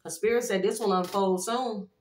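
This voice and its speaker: A woman doing a casual tarot card reading for her viewers, animated and chatty, with frequent exclamations. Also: medium pitch, moderate pace, slight background noise. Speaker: tarot reader. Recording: echoey room.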